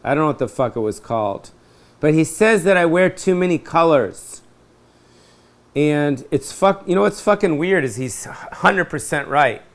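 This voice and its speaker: Middle-aged male host, slightly higher pitch, scattered and profane rant at home. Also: lively intonation, moderate pace. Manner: scattered, profane, loses his train of thought. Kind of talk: rambling solo rant to camera. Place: his apartment.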